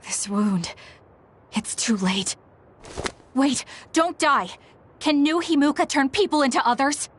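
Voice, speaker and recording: A woman's voice: lowish voice, measured pace, pauses often, a little hiss or hum, lightly acted. An actress playing a driven young woman in a game, speaking tensely and with firm resolve. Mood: urgent. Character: driven young woman set on a grim duty.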